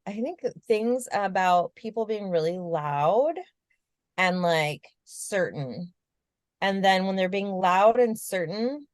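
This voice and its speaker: A woman's voice: mid-range voice, a little mellow, no echo, studio quality. A woman co-hosting a podcast, talking candidly and reflectively, swearing casually and laughing often. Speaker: podcast co-host.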